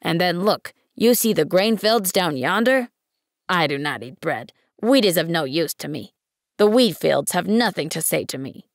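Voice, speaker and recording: Woman voicing a wise, gravelly fox. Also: fairly low pitch, expressive, no echo, clean studio sound. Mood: wistful. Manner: earnest, measured and pleading. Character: wise, patient male fox. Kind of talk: audiobook reading.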